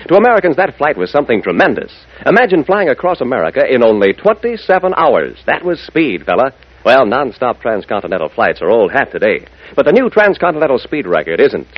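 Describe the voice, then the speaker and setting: A man's voice: medium pitch, breathy edge, dry recording. Folksy man announcing on old radio. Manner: folksy, upbeat, addresses listeners as gang. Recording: muffled old radio broadcast.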